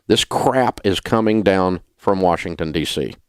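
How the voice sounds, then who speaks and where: A man's voice: deep voice, measured pace, smooth, no room sound, clean studio sound. A middle-aged man hosting a talk radio show, ranting in an indignant, sarcastic way. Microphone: studio mic.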